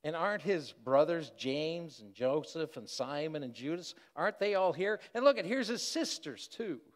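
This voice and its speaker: A man's voice: medium pitch, expressive, a little slow, darkish tone, lightly acted. A man voicing skeptical townsfolk in a sermon, asking incredulous rhetorical questions. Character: skeptical village townsfolk, astonished and gossiping. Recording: long hall reverb.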